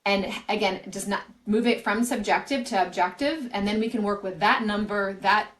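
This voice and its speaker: A woman's voice: mid-range voice, moderate pace, a bit bright, low-quality recording. Earnest woman career coach explaining. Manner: earnest, explanatory, restarts phrases. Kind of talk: podcast interview answers.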